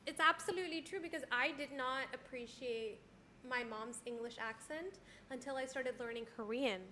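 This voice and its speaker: A young woman co-hosting a podcast, chatting casually with plenty of "like" and quick agreement. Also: sits high, sharp tone, slight background noise. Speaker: podcast co-host.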